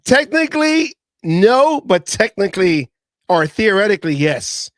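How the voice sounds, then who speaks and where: A man hosting a casual sports talk show, animated and stammering as he repeats words. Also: high-pitched, unhurried, no echo. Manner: mimics others in quoted voices. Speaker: podcast host.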